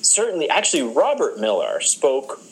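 A man's voice: on the high side, wildly swooping pitch, moderate pace, slightly rough, low-quality recording. Chatty man rambling with amused asides. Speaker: podcast co-host. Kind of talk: casual chat.

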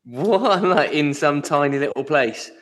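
A man's voice: on the high side, lively intonation, a little slow, a bit bright. A man co-hosting a podcast, chatting casually and with amusement, trailing off with fillers. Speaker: podcast co-host. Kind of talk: casual chat.

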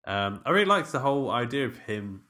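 A man's voice: mid-range voice, big pitch swings, a little fast, bright, forceful tone. A man co-hosting a podcast, chatting casually, rambling and restarting his sentences. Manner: rambling, self-correcting, laughs easily. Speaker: podcast co-host. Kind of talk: casual chat.

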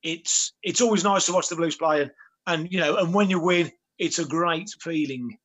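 A man's voice: on the high side, moderate pace, fairly bright tone. A man, a former footballer chatting as a guest, rambling with many restarts. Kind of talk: casual chat.

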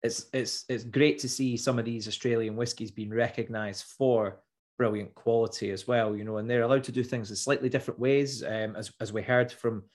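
A man co-hosting a casual podcast, relaxed and often restarting his words. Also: mid-range voice, fairly quick. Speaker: podcast co-host. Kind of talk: casual chat.

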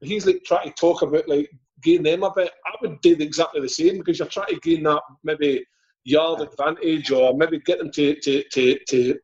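A man co-hosting a podcast, musing in a rambling way with plenty of "like". His voice is a little high for a man, and the recording sounds slightly dull and lo-fi. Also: steady tone, moderate pace, a little mellow. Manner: thoughtful, rambling with "like". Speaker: podcast co-host, ex-footballer. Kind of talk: casual chat.

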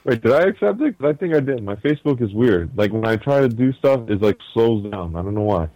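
A man's voice: medium pitch, lively intonation, fast talker, mellow, no room sound, poor audio. A young man co-hosting a podcast in casual chat, laughing easily and stumbling as he reads aloud. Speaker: podcast co-host.

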